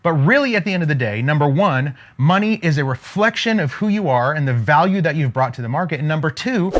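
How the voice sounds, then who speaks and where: A man's voice: a little high, lively intonation, fairly quick. A man giving an emphatic, repetitive motivational lesson on making money, in the manner of a preacher. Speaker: online business coach.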